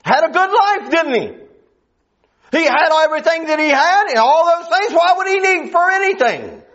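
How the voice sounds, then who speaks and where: A man's voice: extremely high pitch, sing-song, moderate pace, a bit bright. A man preaching a sermon, emphatic and full of rhetorical questions, on a dull lo-fi recording.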